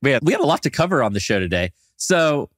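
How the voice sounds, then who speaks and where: Animated man co-hosting a podcast. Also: medium pitch, fast talker, no room sound, studio quality. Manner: animated, playful, teasing. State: has a cold. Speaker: podcast co-host. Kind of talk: casual podcast chat.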